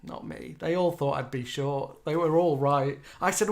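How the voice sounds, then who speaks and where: Man, 40s, casual live chat co-host, chatty self-mocking storyteller, slightly high voice. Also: normal speed, gravelly. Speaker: co-host of a live online show. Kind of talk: casual chat reading out viewer comments.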